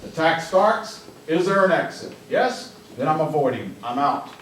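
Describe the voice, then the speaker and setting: A man giving a live police training talk to an office audience, blunt and joking, shouting commands when he acts them out. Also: on the high side, expressive, unhurried, slight background noise. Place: office meeting room with audience. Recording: echoey room, mic from a distance.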